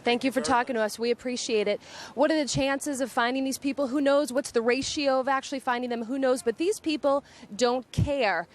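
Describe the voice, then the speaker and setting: A woman reporting live on location, gently interviewing family members of missing people. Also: sits high, fairly even intonation, fairly quick. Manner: gentle, sympathetic questioning. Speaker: field reporter.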